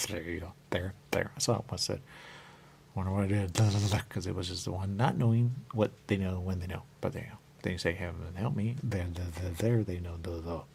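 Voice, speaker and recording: A man hosting a radio show, talking in a rambling monologue that keeps repeating the same catchphrases and jumps suddenly up in pitch. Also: gravelly, a little mellow, slight background noise.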